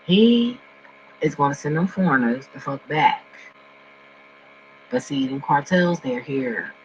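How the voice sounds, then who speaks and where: A man ranting casually and profanely to his viewers from home, swinging between loud outbursts and low mumbling. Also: animated, takes it slowly. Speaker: vlogger. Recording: dull lo-fi recording with faint mains hum.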